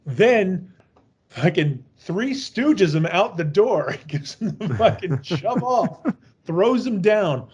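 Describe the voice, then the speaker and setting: A man's voice: high voice, very animated, slow pace, a little mellow, slightly rough. A man co-hosting a podcast, retelling a horror movie's scenes in a crude, joking way and laughing as he goes. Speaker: podcast co-host. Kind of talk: casual movie recap.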